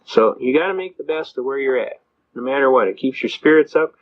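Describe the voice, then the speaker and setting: A man's voice: medium pitch, expressive, fairly quick. An older man speaking to an audience, folksy and storytelling, acting out the voices of people he quotes. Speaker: speaker on constitutional law. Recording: slightly dull lo-fi recording.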